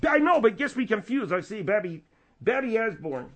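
A slow-witted, easily confused man, as a host puts him on, who mumbles and trips over his words. His voice sits very high. It is a radio comedy character. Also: big pitch swings. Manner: mumbling, halting, muddled.

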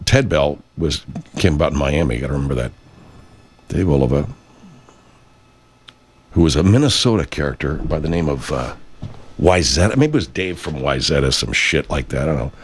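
A male radio host with a very low voice talks off the cuff. He wanders from point to point, restarts often and drops casual profanity. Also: animated, normal speed, pauses often. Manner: meandering, self-interrupting, swears freely. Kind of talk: rambling casual monologue.

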